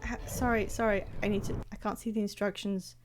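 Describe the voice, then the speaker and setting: A woman's voice: medium pitch, flat delivery, fairly quick, faint music behind. A woman streaming a video game, chatting casually with her viewers, swearing, laughing and reacting as she plays. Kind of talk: casual gameplay commentary.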